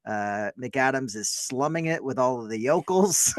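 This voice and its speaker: A man's voice: medium pitch, lively intonation, unhurried, dry recording, clean studio sound. A man co-hosting a podcast, chatting casually about a film in a rambling, hedging way. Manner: rambling, hedging, self-deprecating. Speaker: podcast co-host.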